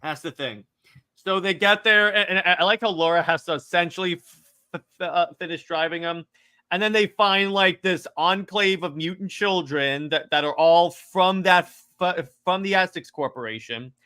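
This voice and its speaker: High bright-voiced guy gushing about a movie scene, tripping over his words. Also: moderate pace, smooth. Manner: excitable, stumbling restarts, animated retelling. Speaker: podcast co-host. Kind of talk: casual movie discussion.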